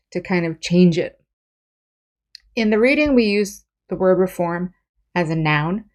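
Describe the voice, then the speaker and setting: A woman English teacher giving a patient vocabulary lesson, explaining words step by step with examples. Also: on the low side.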